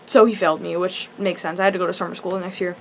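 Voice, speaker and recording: A woman's voice: fairly low pitch, flat delivery, rapid-fire, gravelly, a little hiss or hum. A teenage girl telling a personal story in a casual vlog, rambling and chatty with lots of "like" and restarts. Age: teens. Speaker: high school student.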